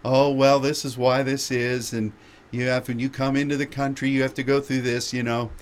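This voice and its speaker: A man hosting a radio show, telling a lively travel anecdote with laughter. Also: mid-range voice, normal speed. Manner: animated anecdote with frequent laughter. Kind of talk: storytelling chat.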